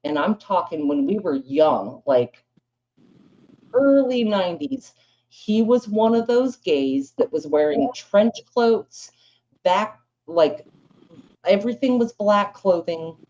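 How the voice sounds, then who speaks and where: A woman's voice: medium pitch, expressive, slow, warm tone, highs cut off. A woman speaking on a live panel, telling a rambling story in blunt, casual talk full of swearing. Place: live panel room with audience.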